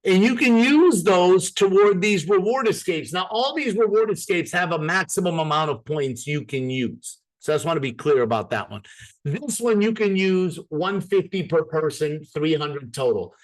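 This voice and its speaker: A man presents an opportunity to a live group in an upbeat, persuasive sales style. His voice sits slightly higher than most men's. He addresses the room directly and keeps the pitch moving. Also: animated, moderate pace.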